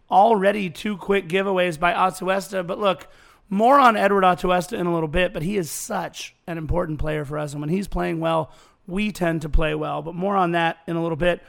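High, gravelly man recapping a match. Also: a bit bright. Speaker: podcast co-host. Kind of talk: fan podcast match recap. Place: studio.

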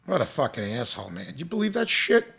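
Man, gravelly voice, high-pitched, angry profane rant, exasperated. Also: wildly swooping pitch, quick pace. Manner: loud, profane, exasperated, mocking imitations. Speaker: restaurant owner venting.

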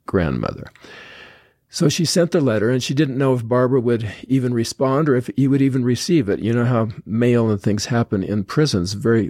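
A man hosting a podcast, reading quotes from a letter aloud in a slow, earnest way with many pauses. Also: lowish voice, mellow, dry recording, clean studio sound. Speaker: podcast host.

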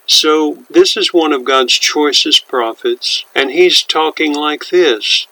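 A man hosting a devotional podcast, speaking in an earnest, pastoral way with deliberate pauses, and leading a prayer. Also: mid-range voice, gravelly, pushed and bright, low-quality recording. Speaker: podcast host and minister.

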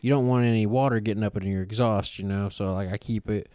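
A man spins a long, rambling story in casual podcast chat. His voice sits low and sounds smooth and resonant, recorded close and dry. He swears freely and keeps stopping to say "like". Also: fast talker, no room sound. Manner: animated storytelling, heavy swearing, frequent fillers. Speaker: podcast co-host.

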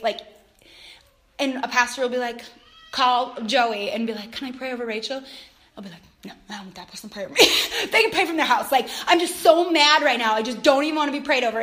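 A woman's voice: high voice, a bit bright. A middle-aged woman, a mother, giving a casual faith talk in a chatty way, laughing often and acting out quotes with animation. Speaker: mother and Christian speaker.

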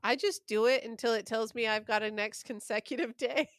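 A woman co-host in loose banter, blunt and teasing, dropping swear words and laughing easily. Her voice is fairly high, recorded close and dry. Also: fairly quick, no echo. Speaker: podcast co-host. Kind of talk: casual banter.

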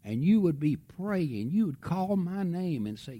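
A middle-aged man preaching, telling a family story with lively swings from loud outbursts to hushed tones. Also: fairly high pitch, unhurried. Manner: animated storytelling, drops to a hush for tender moments. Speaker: pastor. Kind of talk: sermon storytelling.

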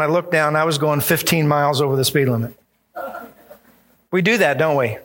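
A man's voice: fairly high pitch, moderate pace, fairly bright tone. A male pastor preaching a sermon, emphatic and acting out the voices he quotes.

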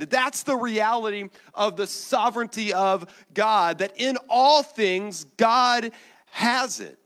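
Bright high-voiced preaching man. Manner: conversational preaching with asides and acted quotes. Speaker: pastor. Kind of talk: sermon.

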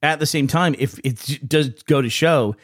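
A man's voice: on the high side, moderate pace, no room sound. Man, podcast co-host, loose storyteller, dry mic. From United States. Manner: rambling storyteller, laughs often. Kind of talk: casual chat.

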